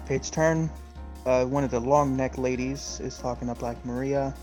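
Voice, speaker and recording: A man's voice: medium pitch, fairly even intonation, normal speed, music in the background, rough recording. A man co-hosting a podcast, chatting casually as he recaps a comic chapter, rambling with many fillers. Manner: laughs often. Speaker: podcast co-host.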